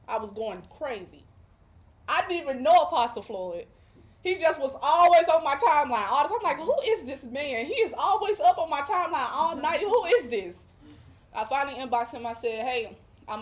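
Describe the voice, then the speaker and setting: As a guest, a woman with a fairly high voice gives a heartfelt religious testimony. She speaks emphatically, hammering her points home with preacher-like repetition, and is emotional, close to tears at times.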